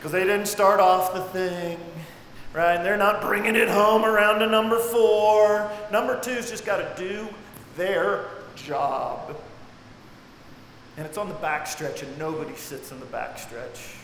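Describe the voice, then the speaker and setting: High-voiced preacher in an echoey hall. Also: male voice, steady tone, a little slow. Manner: dramatic swings between shouting and hushed tones. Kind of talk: sermon. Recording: echoey hall with faint noise.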